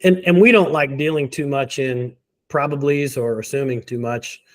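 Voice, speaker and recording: A man in an interview, confidently explaining why pain is a sign of a deeper problem, with a laugh now and then between points. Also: normal speed. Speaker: physical therapy guest. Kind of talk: conversational interview.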